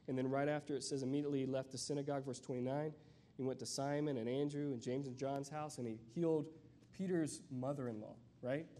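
A man giving a sermon as a guest preacher, conversational and searching, with many fillers and restarts, and reading scripture slowly. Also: fairly high pitch, mellow.

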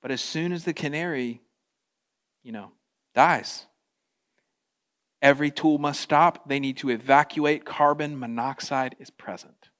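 A man preaching a sermon, animated, slipping into playful voices for quotes. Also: on the high side, unhurried, long pauses. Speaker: pastor.

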